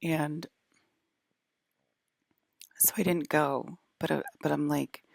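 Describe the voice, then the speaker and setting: A woman's voice: low-pitched, steady tone, takes it slowly, creaky, no echo, clean studio sound. A young woman rambling casually to her viewers in a vlog, full of "like" and restarts. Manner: rambling, filler-heavy, lots of "like". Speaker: vlogger.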